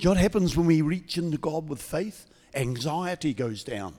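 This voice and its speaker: Calm male pastor in a reverberant church. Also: on the high side, moderate pace, soft background music. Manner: calm, conversational, not yelling. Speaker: guest pastor. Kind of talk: sermon with healing prayer. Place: church service.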